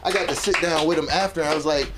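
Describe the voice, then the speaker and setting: A man doing open mic stand-up, telling a profane story and shouting when he acts out angry parents. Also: a little high, fairly even intonation, rapid-fire. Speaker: stand-up comic. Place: comedy club stage. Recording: noisy club crowd. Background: audience reactions.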